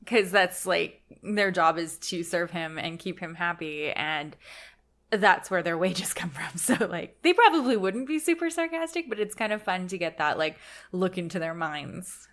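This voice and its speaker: A woman's voice: lowish voice, animated, moderate pace, fairly bright tone. A woman co-hosting a podcast, chatting about a film in an easygoing, agreeable way, with many uses of "like". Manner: easygoing, agreeable, heavy use of "like". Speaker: podcast co-host. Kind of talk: casual film discussion.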